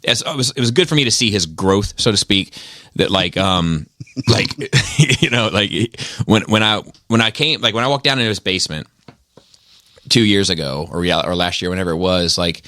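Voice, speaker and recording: A man's voice: low-pitched, moderate pace, pushed and bright, no echo. A man hosting a casual podcast chat, rambling with lots of fillers and some swearing. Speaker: podcast host. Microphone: studio mic on arm.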